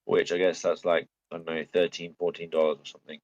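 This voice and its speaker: A man's voice: low voice, little pitch movement, fast talker, a little mellow, no echo. A man in voice chat on a gaming stream, matter-of-fact, reading out facts as he checks them. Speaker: co-host in voice chat. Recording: dull lo-fi voice chat.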